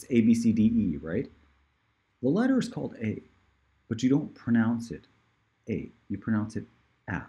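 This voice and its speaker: A man giving a casual online pronunciation lesson, playful and joking, drilling words slowly for the listener to repeat. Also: medium pitch, dark tone. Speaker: pronunciation teacher. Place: outdoors in hot sun.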